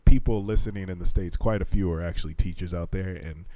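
A fast-talking man with a low-pitched voice co-hosts a podcast, chatting casually. He swears, laughs, and tells stories with a lot of animation.

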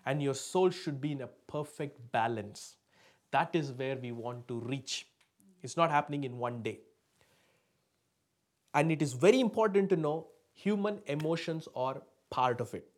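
A male pastor preaching a sermon to a live congregation, emphatic, often asking them to answer back and swinging between loud stresses and soft asides. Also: mid-range voice, animated, unhurried.

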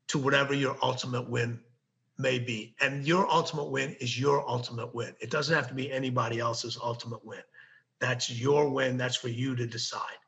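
A man's voice: mid-range voice, gravelly, fairly bright tone. A man speaking as a guest author, giving motivational advice and repeating key phrases for emphasis. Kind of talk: motivational interview talk.

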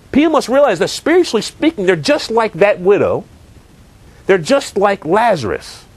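A man preaching a sermon, earnest and direct, asking rhetorical questions and building emphasis. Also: sits high.

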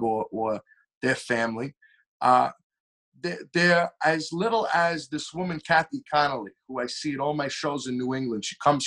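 A young man, a singer telling stories as a podcast guest in a lively, animated way. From Long Island, New York. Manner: animated storyteller with shifting pitch and pace. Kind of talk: casual storytelling interview.

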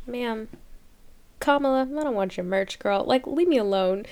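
A woman's voice: medium pitch, fairly quick, creaky, a little mellow. A young woman in her twenties hosting a podcast, ranting in a casual, sarcastic, exasperated way and breaking into laughter. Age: 20s. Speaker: podcast host. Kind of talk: casual comedic rant.

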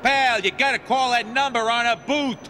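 A man's voice: extremely high pitch, fairly even intonation, normal speed, bright, forceful tone. An actor voicing a rude, insulting adult male New Yorker in a cartoon, in a reverberant clip with faint street noise. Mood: sneering. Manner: sneering, insulting. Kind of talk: cartoon voice acting.

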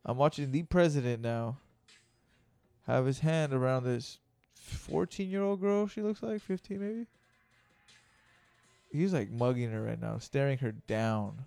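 A young man hosting a podcast, talking in a gravelly, profane rush of excited riffs. His voice is dry and close to the mic, with no room sound. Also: medium pitch, measured pace, long pauses, dry recording, faint music behind. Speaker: podcast host. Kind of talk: casual chat.

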